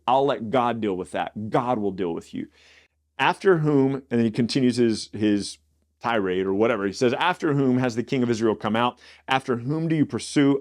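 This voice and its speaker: Man, Bible teacher, reads verses then explains casually, mid pitch, informal and conversational. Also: darkish tone. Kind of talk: casual Bible study reading and commentary.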